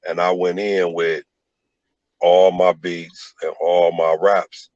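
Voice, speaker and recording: A man telling stories in a relaxed interview, with lots of "like" fillers. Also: deep voice, slow, no echo, muffled recording. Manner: laid-back storytelling with many "like" fillers. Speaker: rapper and producer guest. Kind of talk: casual interview talk.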